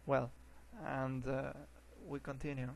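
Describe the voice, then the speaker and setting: A man teaching an English lesson, often restarting words and filling pauses with uh and um. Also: medium pitch, monotone, creaky, background noise. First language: Spanish. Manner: hesitant, repeats words, many fillers.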